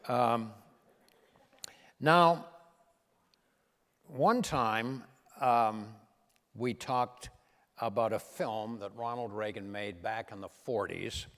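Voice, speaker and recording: An older man, a comedian and impressionist, telling anecdotes to a live audience in a punchy, animated way. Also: fairly low pitch, extremely slow, pauses often. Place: large event hall. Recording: long hall reverb.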